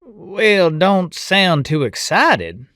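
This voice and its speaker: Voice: mid-range voice, sing-song, very slow, a bit bright, heavily acted. A performer voicing a chatty little boy rabbit. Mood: playful. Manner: chatty and playful, says y'all, laughs often. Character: small young boy rabbit, curious and playful.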